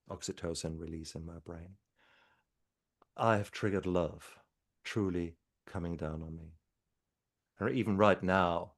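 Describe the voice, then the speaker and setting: A man's voice: deep voice, vocal fry. A man speaking as a guest doctor in a podcast interview, talking in an earnest, encouraging way. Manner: speaks slower when calm.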